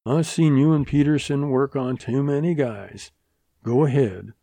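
A surly, tobacco-chewing henchman who mutters in rough, blunt words, as a male narrator puts him on. His voice rides higher and louder than the narration, dry and close, in a western audiobook. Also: measured pace, no room sound. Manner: gruff, muttering, rough grammar.

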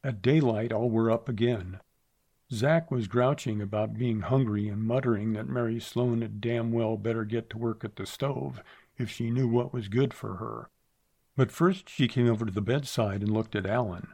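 A man reading a western novel aloud in a measured, steady narration. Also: medium pitch, creaky. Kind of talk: audiobook narration.

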